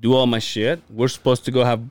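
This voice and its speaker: A man co-hosting a casual podcast, telling animated stories, acting out quoted dialogue and swearing freely. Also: mid-range voice, a little fast, no echo. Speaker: podcast co-host.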